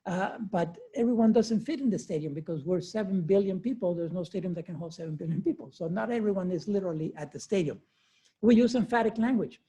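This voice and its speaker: Sixty-year-old male lecturer, mellow voice. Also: high voice. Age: 60s. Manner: conversational, chuckles often, many fillers and restarts. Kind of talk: university lecture. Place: cold classroom. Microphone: lecture recording with remote attendees.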